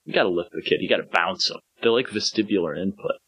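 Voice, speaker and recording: A man's voice: low voice, quick pace, fairly bright tone, slightly rough, no echo. A man in casual banter who rambles, stumbles over repeated words and slips into mock-grand asides.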